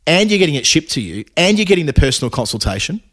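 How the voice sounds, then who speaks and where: A man's voice: fairly high pitch, sing-song, quick pace, fairly bright tone. Chatty man hosting a podcast. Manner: rambling, chatty, self-aware asides. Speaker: podcast host. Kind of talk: casual podcast chat with ad reads.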